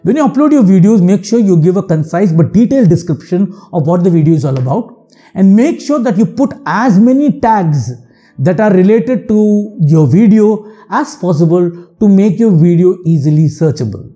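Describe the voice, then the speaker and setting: A man's voice: high voice, expressive, moderate pace, dark tone, soft background music. A man from India with an Indian English accent, giving frank, earnest advice to other channel makers in a monologue. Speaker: YouTube channel host.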